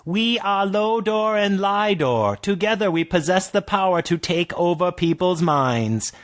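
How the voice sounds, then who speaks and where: Twin orc sisters who speak as one in slow, measured tones, voiced by a man. Their voice sits high and eerily calm. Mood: eerie.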